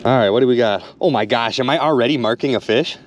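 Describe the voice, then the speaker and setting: A man vlogging while ice fishing outdoors on a frozen lake, talking excitedly to his viewers and exclaiming often. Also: mid-range voice, fast talker. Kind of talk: excited outdoor vlog narration. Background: wind and outdoor ambience.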